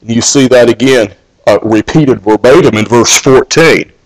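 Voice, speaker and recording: A man's voice: medium pitch, unhurried, rough recording. A male pastor preaching a sermon in an earnest way, often restarting and repeating words.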